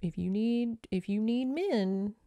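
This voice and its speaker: A woman voicing a blunt, impatient male commander, flat and dismissive. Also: on the high side, slow pace, dry recording.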